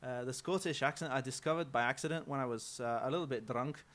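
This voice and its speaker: An English-accented man chats as a guest on a talk show. He sounds loose and playful and often pauses with little fillers. His voice sits at an ordinary middle pitch. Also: a bit bright. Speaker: studio guest. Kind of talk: casual talk-show chat.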